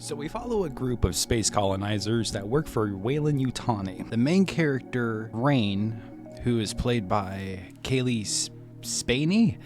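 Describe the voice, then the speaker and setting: A man's voice: mid-range voice, expressive, measured pace, over music. A man casually telling a story about his day at the movies, rambling with frequent restarts and self-corrections, laughing at himself. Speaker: movie reviewer.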